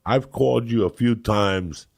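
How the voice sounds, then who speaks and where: A middle-aged man from New Jersey, a comedian host telling loud, crude, rambling stories in casual chat. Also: medium pitch, measured pace. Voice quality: gravelly. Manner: loud, rambling and crude, breaking into acted quotes. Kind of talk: profane storytelling chat.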